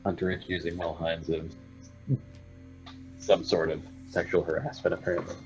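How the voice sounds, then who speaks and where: Flat-voiced man with music behind. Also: sits low, normal speed, low-quality recording. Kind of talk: casual chat.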